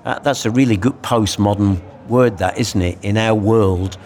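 A man in a conversational discussion of a Bible passage, speaking in a reflective, animated way. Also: on the low side, normal speed, slight background noise. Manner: reflective, animated, acts out quoted lines.

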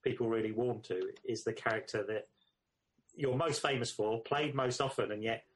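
A man co-hosting a podcast in casual film chat, agreeable and quick to back up his partner. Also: mid-range voice, steady tone, a little hiss or hum, rough recording. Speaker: podcast co-host.

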